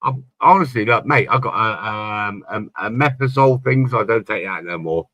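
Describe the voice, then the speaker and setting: A man's voice: fairly low pitch, moderate pace, bright, forceful tone, no room sound. A middle-aged man on a late-night chat stream, telling rambling personal stories and swearing casually. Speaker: podcast panelist.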